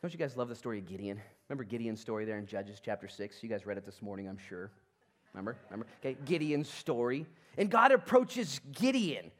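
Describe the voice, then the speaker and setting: A man pastor preaching a sermon, telling the story with energy and acting out the people in it. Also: medium pitch.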